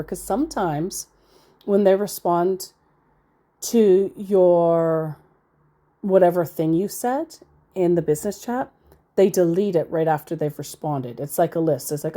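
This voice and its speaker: This scambaiter has a mellow voice that sits on the low side. She reads scam chats aloud, adding sarcastic, offhand remarks and drifting into tangents as she goes.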